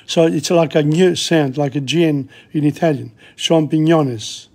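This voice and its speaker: A man teaching a casual vocabulary lesson, slowly repeating words aloud with hesitant fillers. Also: fairly high pitch, a little mellow. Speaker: language teacher.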